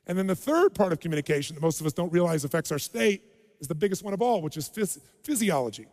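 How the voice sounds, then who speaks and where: A man's voice: on the high side, big pitch swings, fast talker, darkish tone. A man giving a live relationship seminar, animatedly quizzing the audience and acting out quotes in a large hall. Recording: long hall reverb.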